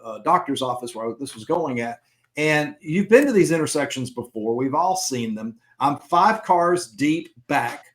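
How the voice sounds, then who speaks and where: A middle-aged man co-hosting a podcast, telling a long personal anecdote in a casual, chatty way and acting out the other people's lines. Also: a little high. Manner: chatty anecdote-teller who acts out dialogue. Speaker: podcast co-host.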